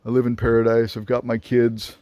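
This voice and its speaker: A man's voice: mid-range voice, monotone, fairly quick, dark tone, dry recording. A man talking candidly to camera in a reflective, subdued vlog monologue.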